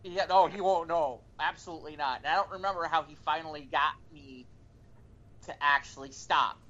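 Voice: medium pitch, normal speed. A podcast co-host telling a story in casual chat, acting out the quoted lines along the way. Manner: animated, acts out quoted dialogue. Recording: dull lo-fi recording.

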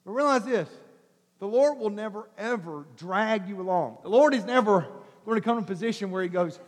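Pastor, male, very high voice, animated sermon delivery, big hall echo. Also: fairly quick. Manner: animated preaching, acts out quoted voices with shouts and soft coaxing. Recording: long hall reverb.

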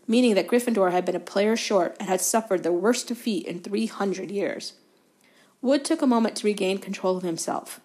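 Brief: woman guest reader, calm steady book narration, occasional stumbles corrected. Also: medium pitch. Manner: steady storytelling, fillers of self-correction. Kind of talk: reading a novel aloud.

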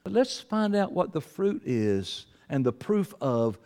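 A male pastor, preaching a sermon and swinging between loud high exclamations and low, quiet asides. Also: sing-song, unhurried, big-room sound.

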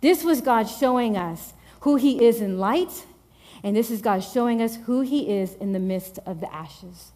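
A woman delivers a sermon in a lively, emphatic and conversational way. Her voice sits a little high, and she drives home her points by repeating phrases. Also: a little slow. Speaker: preacher.

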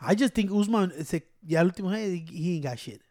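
A man in casual sports chat, talking fast and excitably with slang, switching between English and Spanish mid-sentence. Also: sits high.

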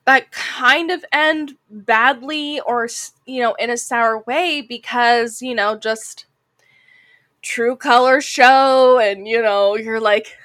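Slow-talking chatty woman podcaster. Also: on the high side, fairly bright tone, no room sound. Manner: chatty, heavy use of "like" fillers; says she sounds like a Valley girl. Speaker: podcast co-host. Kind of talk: casual anime discussion.

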